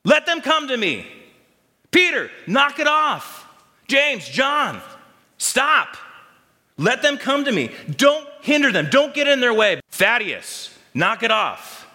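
A man acting out an indignant adult man who loudly scolds his followers with sharp commands. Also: very high voice, very animated, slow pace, in a large hall, voice pushed up, full character voice.

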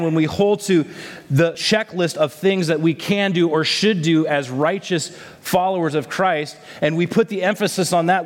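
A man's voice: on the high side, in a large hall. A man preaching a sermon as a pastor, reading scripture and then telling a story in an earnest, emotional way with stammered restarts. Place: church sanctuary.

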